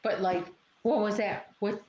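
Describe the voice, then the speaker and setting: A man doing a playful, high disembodied voice that teases and asks who is talking. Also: fairly even intonation, unhurried, a little mellow, lo-fi sound. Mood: teasing.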